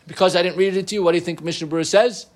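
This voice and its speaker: A middle-aged man teaching an informal Torah class, animated, with humorous asides and frequent restarts. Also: high-pitched, racing.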